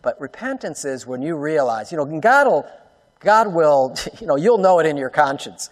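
Male pastor, fairly high voice, sermon delivery with loud-to-hushed swings, long hall reverb. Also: very animated, normal speed. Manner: talks directly to the congregation, asks rhetorical questions.

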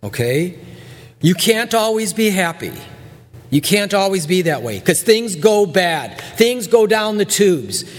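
Male pastor, high voice, lively sermon delivery in a reverberant hall, playful asides. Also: measured pace. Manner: animated preacher, acts out voices, repeats words for emphasis.

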